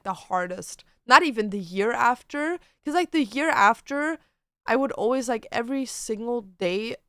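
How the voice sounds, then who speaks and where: A young woman who grew up speaking German, streaming, talking in a halting casual way full of fillers and restarts. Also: mid-range voice, fairly bright tone, clear, resonant tone, no echo, studio quality. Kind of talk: casual livestream chat.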